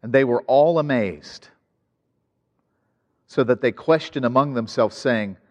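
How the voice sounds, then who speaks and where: A man's voice: medium pitch, unhurried, in a large hall, dull audio. A man preaching a sermon as pastor, conversational, with asides and rhetorical questions to the congregation.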